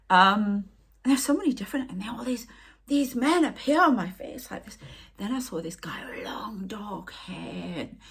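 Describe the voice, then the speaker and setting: A woman's voice: medium pitch, vocal fry, fairly bright tone, husky. A woman who works as a spiritual medium, rambling in an emotional, upset way as she talks on her vlog and often dropping to a near whisper. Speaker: spiritual medium and channel host. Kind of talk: casual spiritual vlog talk.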